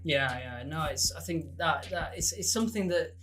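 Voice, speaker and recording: A man's voice: fairly high pitch, lively intonation, normal speed, a bit bright. An English teacher, a man, chatting casually with wry humor and some hesitation. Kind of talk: casual chat.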